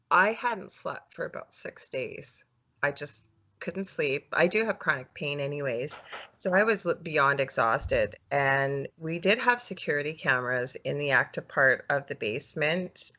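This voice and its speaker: Low-voiced woman telling her story haltingly. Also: sharp tone. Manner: halting, many fillers and restarts. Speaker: podcast guest. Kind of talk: casual storytelling interview. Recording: dull lo-fi audio.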